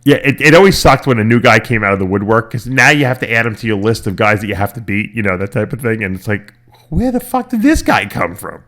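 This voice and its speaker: A middle-aged man hosting a casual podcast chat, telling lively stories, cursing and acting out the voices of people he quotes. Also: on the low side, quick pace, few pauses. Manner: animated storytelling, swearing, acting out quoted voices. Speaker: podcast host.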